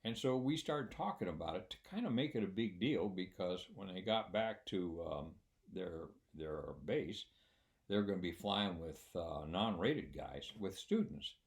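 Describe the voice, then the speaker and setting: An older man who once trained pilots tells a story in a low voice. He rambles with plenty of fillers and a dry sense of humor. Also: lively intonation, unhurried. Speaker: former military flight instructor. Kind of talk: casual spoken anecdote.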